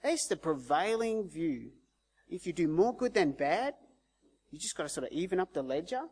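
A man's voice: a little high, very animated, normal speed, darkish tone, slightly rough. A man preaching a sermon in a conversational way, acting out the voices in the story he tells. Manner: conversational, acts out quoted voices. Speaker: pastor.

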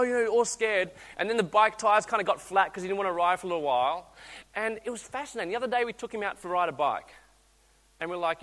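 Animated preacher in a reverberant hall. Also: male voice, sits high, fast talker. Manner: animated storytelling, acts out voices, restarts often. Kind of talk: sermon.

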